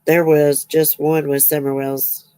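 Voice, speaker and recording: Low-voiced chatty woman. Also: level tone, unhurried, dark tone, clear, resonant tone, dry recording. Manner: chatty, rambling, laughs often. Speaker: livestream host. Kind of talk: casual chat reading viewer comments.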